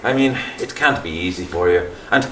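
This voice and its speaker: An actor with a Liverpool accent playing a pompous, meddling middle-aged Catholic priest who hesitates and repeats himself. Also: male voice, low voice, lively intonation, normal speed, bright, forceful tone. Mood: smug, probing. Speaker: parish priest. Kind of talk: stage play acting. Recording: echoey stage with faint noise.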